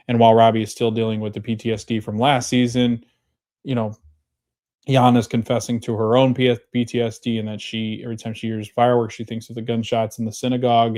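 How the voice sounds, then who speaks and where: A man hosting a podcast, casually recapping a TV episode with many fillers, pauses and self-corrections. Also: medium pitch, darkish tone. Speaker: podcast host.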